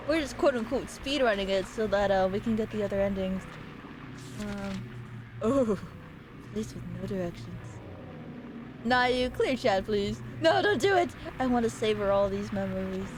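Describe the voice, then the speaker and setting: Playful woman streamer, noisy background. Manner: playful, rambling, teasing chat, sudden squeaky yells. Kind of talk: casual gaming livestream chat.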